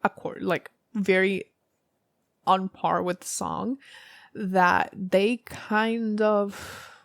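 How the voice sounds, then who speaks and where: A woman's voice: medium pitch, fairly even intonation, extremely slow, creaky, no room sound, clean studio sound. A woman giving a casual tarot reading to camera, rambling and thinking aloud with many fillers. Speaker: tarot reader.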